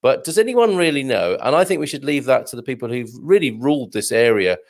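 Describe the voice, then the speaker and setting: A man's voice: mid-range voice, animated, brisk. Male host, conversational and wry, ordinary mid-range voice, reads and comments on news. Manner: wry, chatty, musing aloud. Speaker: show host. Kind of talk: live show commentary on news.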